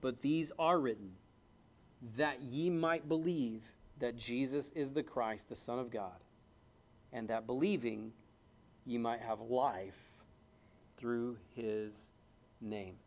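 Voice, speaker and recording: A man preaching a sermon at a church service, quoting scripture in old King James wording and swinging between loud, fast exclamation and low, hushed emphasis.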